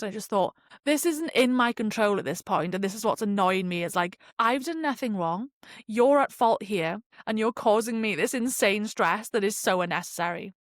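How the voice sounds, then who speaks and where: A woman's voice: mid-range voice, no room sound. Young woman, podcast host, chatty storyteller, dry close sound. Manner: chatty, lively storytelling with frequent laughs and fillers. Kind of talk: casual chat.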